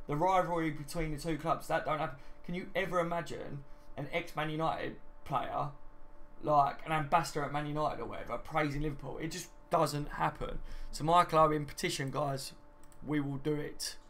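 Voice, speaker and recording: A young man hosting a live stream reads out viewer comments in a fairly high, steady, slightly bright voice at a moderate pace. He's chatty and matey, often saying "mate" and "do you know what I mean."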